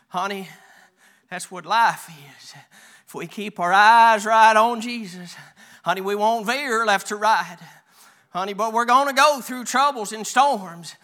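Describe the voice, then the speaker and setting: Preaching in a folksy style, this man has a high, bright, forceful voice. He addresses his congregation as "honey" and stumbles a little as he reads scripture aloud.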